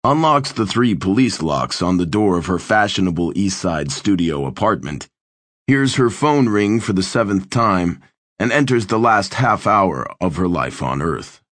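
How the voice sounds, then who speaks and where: A man narrating an audiobook in a measured, wry storytelling manner, recorded in a booth. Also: deep voice, no room sound.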